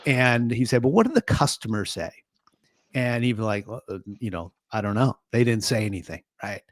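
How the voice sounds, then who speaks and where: A man's voice: medium pitch, lively intonation, normal speed, dry recording, studio quality. Thoughtful man explaining on a podcast. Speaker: podcast co-host, sales consultant. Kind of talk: casual podcast chat.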